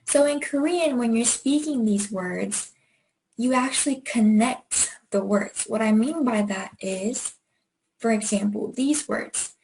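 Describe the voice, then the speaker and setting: A woman's voice: mid-range voice, unhurried, warm tone, a little hiss or hum, poor audio. A young woman teaching an online language lesson, patient and encouraging, sounding out words one syllable at a time.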